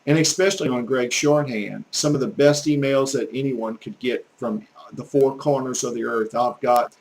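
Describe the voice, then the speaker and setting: Southern drawl, older man, gravelly folksy teacher voice, earnest and a bit preachy. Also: medium pitch, moderate pace, slight background noise, poor audio. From American South, Gulf Coast. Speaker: YouTube language teacher. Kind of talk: casual rambling monologue.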